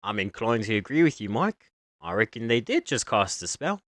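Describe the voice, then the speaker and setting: A man voicing a gruff, bossy male city guard. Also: fairly low pitch, very animated, moderate pace, no room sound, studio quality, pitched below the performer's own voice. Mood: suspicious.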